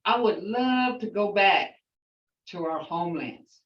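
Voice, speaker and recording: An older woman, a language teacher, slowly repeating words so her class can hear how they are pronounced, and talking in an outspoken way. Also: mid-range voice, lively intonation. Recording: roomy, distant, dull lo-fi sound.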